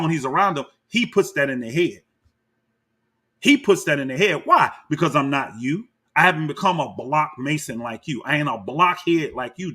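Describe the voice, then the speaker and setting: A man with a slightly high, husky voice reacts to clips, delivering heated, combative commentary. He calls people out by name and talks directly to his viewers, whom he animatedly addresses as y'all.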